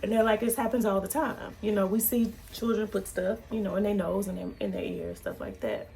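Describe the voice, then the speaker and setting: Animated woman telling a story, gravelly edge. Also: brisk, a little hiss or hum. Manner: animated, acts out quotes with big pitch jumps. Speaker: vlogger. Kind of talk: casual storytelling.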